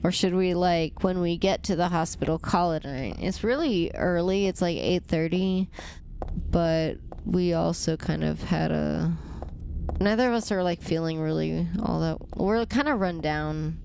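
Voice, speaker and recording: Slow-talking young woman streamer. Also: fairly low pitch, vocal fry, darkish tone, slight background noise. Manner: rambling, chatty, with many fillers. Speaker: game streamer. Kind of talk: casual gameplay commentary.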